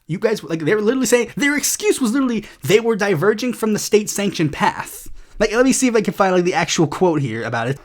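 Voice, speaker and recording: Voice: mid-range voice, big pitch swings. A podcast host giving casual political commentary in a rambling, sarcastic way, swearing often and full of fillers. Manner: acts out other people's lines in quick put-on voices.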